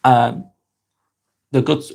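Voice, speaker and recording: Lancashire guy on a chill live stream, musing over comments, repeats himself a lot. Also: extremely slow. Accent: Lancashire English. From northwest England. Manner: calm, musing, repeats words and restarts often.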